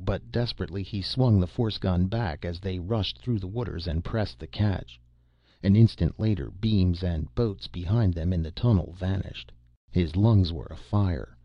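A man narrating an audiobook in a steady, measured storytelling manner. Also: deep voice, dry recording. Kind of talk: audiobook narration of pulp science fiction. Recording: dull lo-fi dry recording.

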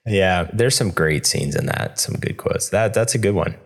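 Brief: deep-ish male podcast co-host, casual trivia banter, expressive ups and downs. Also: moderate pace, creaky, husky. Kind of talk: casual chat, movie trivia game.

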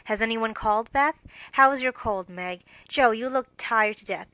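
A woman's voice: a little high, moderate pace, sharp tone, no room sound. A woman voicing a cheery mother of four girls who speaks affectionately.

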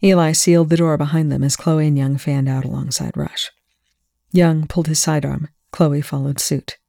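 A reader narrating a fan fiction audiobook in an even, measured way. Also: mid-range voice, creaky, no room sound, clean studio sound.

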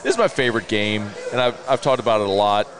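Man, sports talk host, chatty, upbeat, a bit low-pitched. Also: fast, a bit bright. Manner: chatty, upbeat, laughs easily.

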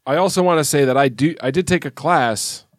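Deadpan man in dry podcast banter. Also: on the high side, brisk, no room sound. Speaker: podcast co-host.

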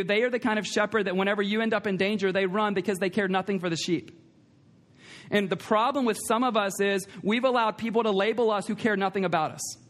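A man's voice: sits high, a bit bright. A man preaching a sermon in a church, emphatic, repeating key lines and putting questions to the congregation. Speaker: pastor. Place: church sanctuary.

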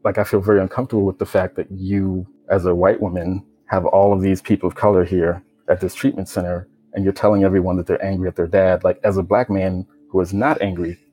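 Deep, flat-voiced young man telling his story. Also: quick pace, hardly any pauses, low-quality recording. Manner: low-key, reflective, many "like" fillers. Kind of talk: personal testimony.

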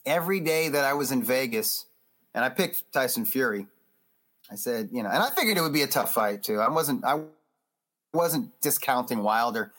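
Brief: man, mid-pitched voice, podcast guest, loose and animated chat with lots of restarts. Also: moderate pace. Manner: animated, loose, acts out quotes; frequent restarts and fillers. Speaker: boxing magazine editor, podcast guest. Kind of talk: casual interview chat.

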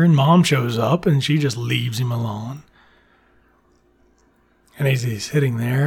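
A man's voice: medium pitch, gravelly, slightly rough. A man casually retelling a comedy film's plot in a loose, chatty way, swearing now and then. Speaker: film reviewer. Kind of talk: casual film recap.

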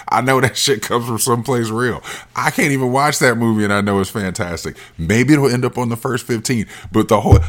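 A man's voice: mid-range voice, a bit bright. A man hosting his own podcast, talking alone in a casual, profane and emphatic rant. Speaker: podcast host.

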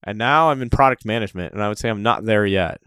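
Man, lower register, relaxed storyteller with frequent laughs, dry booth sound. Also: quick pace, clean tone, dry recording. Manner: storytelling, animated, laughs often. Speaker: interview guest. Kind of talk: casual conversation.

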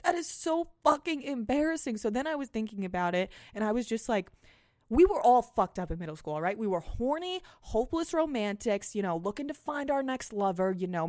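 A woman in her twenties hosting a podcast, telling a story in a casual, animated, self-mocking way with plenty of swearing. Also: a little high, no echo, studio quality. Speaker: podcast host.

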